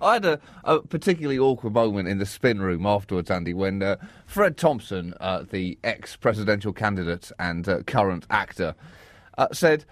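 Sardonic man with an animated voice. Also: mid-range voice, moderate pace, dry recording, studio quality. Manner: sardonic, laughs at his own jokes. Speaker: comedy co-host. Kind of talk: satirical comedy chat.

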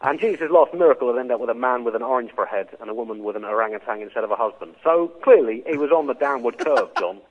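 A man co-hosting a comedy podcast, delivering absurd jokes deadpan with frequent chuckles. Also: medium pitch, fast talker, few pauses, breathy edge. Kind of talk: comic monologue and banter. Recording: phone-like narrow band.

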